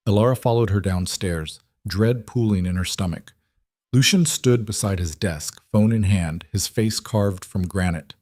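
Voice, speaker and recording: A man narrating a dramatic story in a steady, scripted reading. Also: deep voice, moderate pace, no room sound, clean studio sound.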